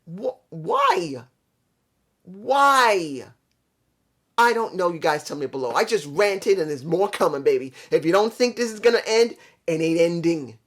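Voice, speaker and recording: A man from New York rants through a wrestling review. He talks bluntly and swears freely. His pitch swings up and down as he speaks to his subscribers. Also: big pitch swings, measured pace, fairly bright tone. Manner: blunt, profane, frustrated, addresses subscribers. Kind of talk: ranting casual review.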